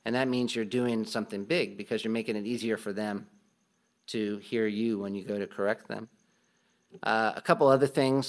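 A man's voice: fairly low pitch, gravelly. A man giving a casual Bible teaching talk, often restarting his sentences with ums and light laughs.

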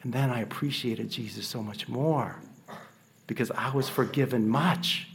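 A man preaching a sermon in an earnest, measured way, asking rhetorical questions. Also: medium pitch, gravelly, slight background noise.

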